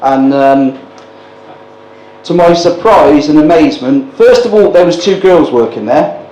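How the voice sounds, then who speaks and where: A man's voice: a little high, a little slow. A man in his sixties hosting a live stand-up comedy night, bantering with the audience in a cheeky, sweary way. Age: 60s. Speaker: stand-up compere. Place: indoor live comedy gig at a brewery. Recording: echoey room with loud background noise.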